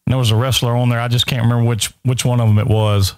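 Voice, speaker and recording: A man in the studio talking quickly while trying to recall a name. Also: medium pitch, little pitch movement, no echo.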